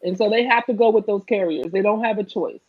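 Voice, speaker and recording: A woman's voice: mid-range voice, fast talker, husky, dull audio. A woman with a New Jersey accent, a political candidate on an online panel, speaking earnestly and emphatically and often asking "right?".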